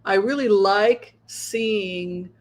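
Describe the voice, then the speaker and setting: A man's voice: high-pitched, very slow. A man hosting a livestream of political commentary, talking rhetorically and often tagging his points with a questioning "right?". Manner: rhetorical, keeps asking "right?". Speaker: psychic show host.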